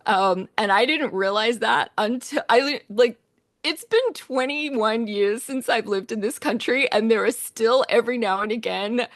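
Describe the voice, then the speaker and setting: A woman's voice: a little high, unhurried, no room sound, studio quality. A woman in her forties with an Australian accent, a composer giving a casual talk to a choir, telling stories with lots of laughs and fillers. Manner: animated storytelling with frequent laughs and fillers.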